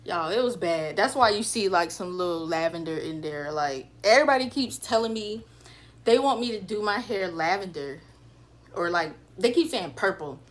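A woman's voice: fairly low pitch, expressive, moderate pace. A young woman with a Southern accent from the Carolinas, chatting casually at home on a livestream and reading out viewer comments. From North Carolina or South Carolina, US. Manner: chatty, loose, trails off with fillers. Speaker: hair vlogger reading live comments. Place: at home, indoors.

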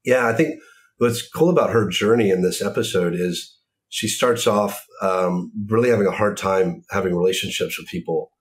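A man talking as an author in a casual discussion, thoughtful and measured, with frequent pauses and ums. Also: low-pitched. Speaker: author and series creator.

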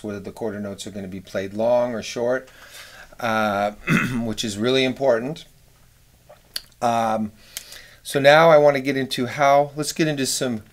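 A middle-aged man teaching horn arranging in a casual, rambling way, now and then singing rhythms in scat syllables. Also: mid-range voice. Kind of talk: casual instructional talk.

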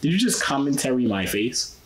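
A man's voice: mid-range voice, sing-song, fairly quick, slight background noise. A young man vlogging, teasing strangers on a video chat with playful questions.

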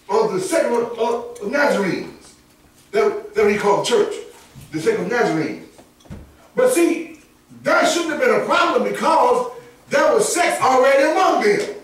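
A man preaching a sermon, emphatic and animated, often rising into shouts and chuckling between points. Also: extremely high pitch. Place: church sanctuary. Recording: echoey church from far off.

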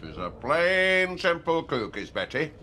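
A man's voice: a little high, big pitch swings, unhurried, sharp tone, slight background noise, full character voice. An actor playing a pompous older male pub landlord, grandly declaiming in a TV drama. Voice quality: grandiose, repetitive phrasing. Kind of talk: TV soap drama acting.

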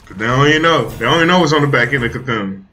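Animated, joking male game streamer. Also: mid-range voice, very fast, a little hiss or hum. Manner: animated, profane, storytelling banter. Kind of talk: comedic riffing while playing a card game.

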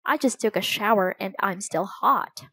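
A woman's voice: mid-range voice, normal speed, a bit bright, husky. A woman reading the part of a teasing, hungry young boy in a storybook, with a lazy, joking delivery.

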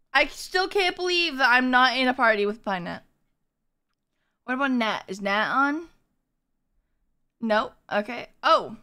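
A woman's voice: sits high, bright, forceful tone. A woman streamer chatting with her viewers, bubbly as she reads and thanks the chat.

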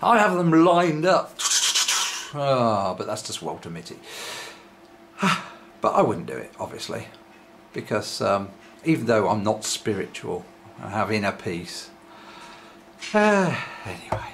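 A man's voice: on the low side, very animated, unhurried, long pauses, slight background noise. A man ranting sarcastically in a rambling, sweary monologue. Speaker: vlogger.

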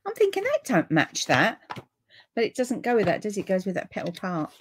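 A middle-aged woman with a British accent hosting a relaxed live papercraft stream, chatting to viewers and easily delighted. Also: mid-range voice, a little fast, husky. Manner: chatty and easily delighted, with frequent gasps and laughs.

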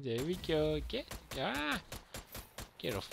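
A man's voice: mid-range voice, very animated, unhurried, background noise. A young man casually commentating a let's play, playfully echoing game lines and yelping at enemies. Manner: playful, mimics game voices and exclaims. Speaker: streamer.

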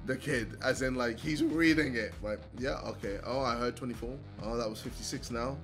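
Loud laughing man reacting. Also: medium pitch, moderate pace, over music. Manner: laughs hard, shouts and swears often. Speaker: YouTuber reacting to clips. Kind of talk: casual reaction commentary.

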